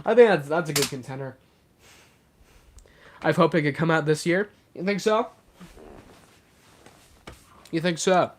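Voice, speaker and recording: A man's voice: fairly high pitch, lively intonation, moderate pace, long pauses, a little hiss or hum. A young man hosting a casual livestream, rambling with lots of fillers as he talks to his chat. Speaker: livestream host.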